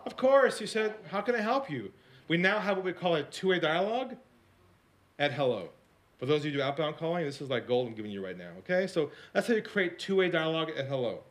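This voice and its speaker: A man giving a storytelling talk as a sales coach, dropping to a hush for quoted lines and rising high when excited, often asking the audience questions. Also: quick pace. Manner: animated, swings between hushed quoted lines and high excited narration; repeats and restarts words, asks the audience questions.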